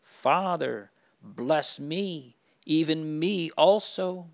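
A man voicing the rough young hunter Esau, loud and pleading in a slightly raised voice, on a dull lo-fi recording. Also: mid-range voice, expressive, slow pace. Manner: loud, pleading, then threatening.

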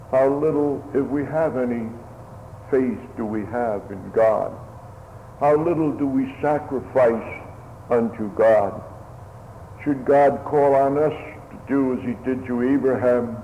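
A man's voice: medium pitch, warm tone, slight background noise. A man preaching a solemn, old-fashioned sermon to his hearers. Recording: phone-like radio broadcast in a reverberant hall.

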